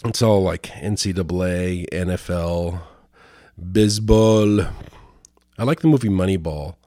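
A man with a fairly low voice riffs on news headlines in casual, rambling commentary. His tone is sardonic and profane. The sound is dry and close, with no room in it. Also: measured pace, mellow, no echo. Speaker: host.

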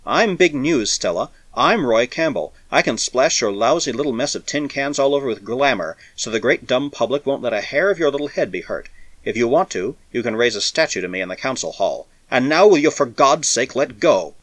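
A man's voice: medium pitch, expressive, a little fast, a bit bright, no room sound. A man reading aloud and voicing a weary, battered male spacer who talks harshly and urgently. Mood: bitter.

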